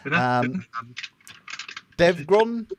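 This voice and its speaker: A man's voice: fairly high pitch, sing-song, drawn-out words, noisy background. A man from the United Kingdom co-hosting a casual livestream, reading out viewer comments in a jokey, chatty way with plenty of fillers. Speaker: livestream co-host reading chat. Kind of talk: casual live chat.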